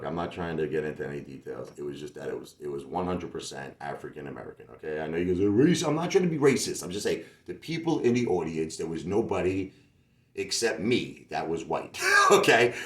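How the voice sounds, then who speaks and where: A man's voice: low-pitched, fairly bright tone. A man, a singer-songwriter, telling a rambling, casual story full of asides and fillers. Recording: roomy echo with faint music behind.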